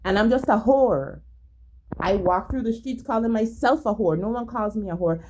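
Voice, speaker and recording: A woman's voice: fairly high pitch, moderate pace, darkish tone, a little hiss or hum. A woman telling a personal story in a casual monologue, agitated, profane, emphatic and repetitive. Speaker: storyteller recounting a personal incident.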